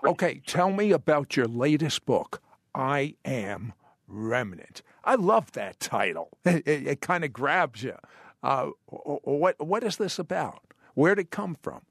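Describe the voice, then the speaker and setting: A man's voice: a little high, sing-song, unhurried, vocal fry, no room sound, clean studio sound. Emphatic male talk host with stammered starts. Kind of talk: interviewing a guest.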